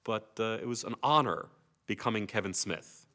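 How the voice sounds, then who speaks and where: An older actor casually recalls his years on a TV series, telling stories with animation and slipping into comic voices. His voice is on the low side and his pace is normal.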